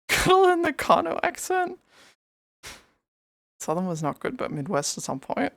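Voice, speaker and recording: A woman's voice: a little high, huge pitch swings, measured pace, gravelly, long pauses. A woman streamer chatting casually and rambling, often breaking into giggles. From outside the US. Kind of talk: casual livestream chat.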